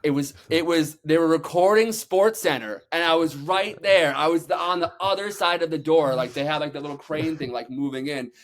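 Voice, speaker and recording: A man guest on a podcast, telling energetic stories with loose swearing and many "like"s. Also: fairly high pitch. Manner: energetic, acts out quotes, talks fast with many "like"s. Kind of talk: animated storytelling, casual swearing.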